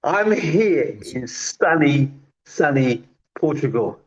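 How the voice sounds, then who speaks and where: A man giving a chatty, animated testimonial on an online group call, with lots of fillers. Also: fairly high pitch, slow. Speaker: network marketer giving a testimonial. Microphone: video call. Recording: dull lo-fi video call audio.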